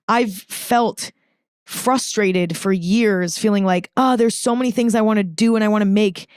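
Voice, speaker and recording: A woman's voice: medium pitch, no room sound, studio quality. A young woman hosting a podcast alone, talking in a casual, earnest way with lots of "like" fillers and frequent swearing. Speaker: podcast host. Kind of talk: casual solo podcast monologue.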